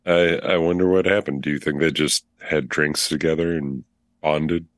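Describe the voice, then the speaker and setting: A man's voice: rumbling low, fairly even intonation, normal speed, dry recording, studio quality. A man co-hosting a casual podcast, giggly and playful, who throws in silly sound effects. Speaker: podcast co-host. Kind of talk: casual chat.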